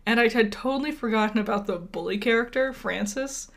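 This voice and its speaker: A woman's voice: a little high, brisk, gravelly, a bit bright. Chatty woman podcast co-host. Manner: chatty, laughs often, rambling asides. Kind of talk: casual chat.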